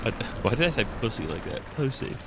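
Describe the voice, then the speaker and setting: A man's voice: medium pitch, sing-song, quick pace, creaky, background noise. A man putting on a blustering British dad. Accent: put-on British, drifting toward Irish. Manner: blustering, ranting, exaggerated disbelief. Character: exasperated British dad, middle-aged man, loud and blustering.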